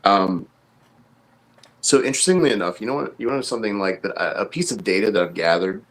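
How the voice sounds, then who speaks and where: A man with a very low voice, co-hosting a casual podcast as a coach. He explains things at length, thinking aloud with fillers and restarts. His tone stays conversational and informal. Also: brisk, fairly bright tone, rough recording.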